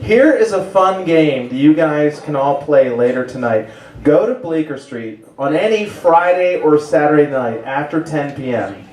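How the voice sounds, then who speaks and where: A man's voice: fairly high pitch, a little mellow. A man doing a dry, wry stand-up set on a comedy club stage. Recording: echoey club room, distant mic.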